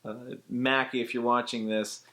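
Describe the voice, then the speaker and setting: A voice actor with a medium-pitched voice, speaking at normal speed, gives a casual tutorial. He explains voice technique step by step in a relaxed, chatty way.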